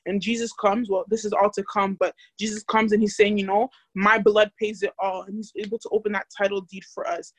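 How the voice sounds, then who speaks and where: A woman's voice: mid-range voice, little pitch movement, a little fast, hardly any pauses, breathy edge, no echo. Young woman, bible study teacher, chatty, lots of um and like, dry close sound. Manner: chatty, many fillers, questions to the group.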